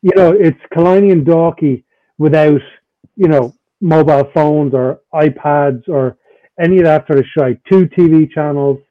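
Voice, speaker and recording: Wry rambling Irish comic, slightly higher voice, dull dry recording. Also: male voice, normal speed, no echo. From Ireland. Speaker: guest comedian. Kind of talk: casual chat.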